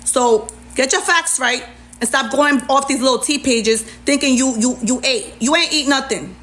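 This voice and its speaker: A woman's voice: high-pitched, normal speed, a bit bright. A woman, ranting heatedly on a livestream and retelling an argument with plenty of sass. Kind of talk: livestream rant.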